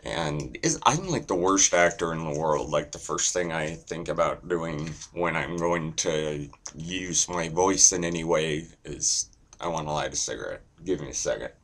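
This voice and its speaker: A young man talking to camera in a slow, deadpan, rambling way with a deep monotone voice, swearing casually. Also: a little hiss or hum. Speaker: vlogger.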